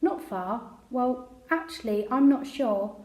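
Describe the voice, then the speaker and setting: A woman's voice: fairly high pitch, expressive, slow, darkish tone. A woman voicing a practical, dry-witted girl in a storybook read aloud, with a matter-of-fact manner. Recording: roomy echo.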